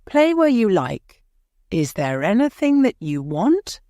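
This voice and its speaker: A woman voicing a sad, distracted older man who speaks quietly and kindly, in a storybook reading. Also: medium pitch, sing-song, takes it slowly, no echo, clean studio sound, voice pushed up. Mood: weary.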